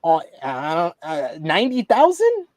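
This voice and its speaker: Chatty higher-voiced man on a podcast. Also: huge pitch swings, measured pace, over a noisy crowd. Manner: chatty, laughs while telling stories. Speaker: podcast co-host. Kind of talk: casual chat.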